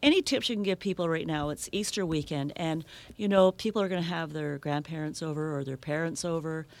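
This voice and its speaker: Chatty tv host, mid pitch, casual interview, quick laughs. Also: gravelly. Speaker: talk show host.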